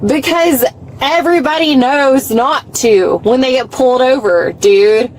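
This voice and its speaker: Woman, 30s, high voice, slow drawl, belligerent and swearing, on bodycam from a police car. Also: a little hiss or hum, low-quality recording. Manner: belligerent, swearing, repeats herself. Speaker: arrested driver. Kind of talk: heated argument on bodycam. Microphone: police body camera.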